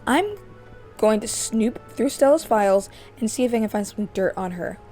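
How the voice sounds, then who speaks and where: A woman's voice: lively intonation, moderate pace, a little mellow, faint music behind, natural voice. A woman voicing a spoiled, demanding young female singer who whines and talks down to everyone. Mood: scheming. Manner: whiny, shrill, entitled.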